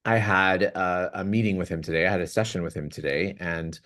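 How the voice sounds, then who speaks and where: A man's voice: sits low, fairly quick, a bit bright. A man hosting his own show, telling a personal story in a chatty, rambling way, laughing often and acting out what people said. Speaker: vlog host. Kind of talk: casual storytelling.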